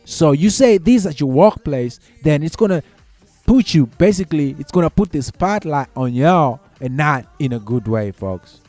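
A man's voice: a little high, expressive, moderate pace, darkish tone, dry recording, soft background music. A man talking casually through workplace advice, repeating his points and checking in with the listener, saying y'all and folks. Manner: conversational, uses y'all and folks. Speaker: commentator.

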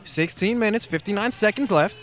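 A high-pitched man delivers fast, excitable play-by-play of a basketball game. His voice jumps to shouts whenever a big play lands. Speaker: play-by-play announcer. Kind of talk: live basketball play-by-play commentary.

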